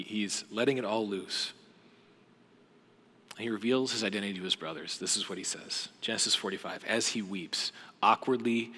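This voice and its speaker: A young adult male pastor tells a Bible story in a sermon, acting out voices and dropping to hushed asides. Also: on the low side. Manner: animated retelling with voiced quotes and hushed asides. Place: church auditorium. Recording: long hall reverb.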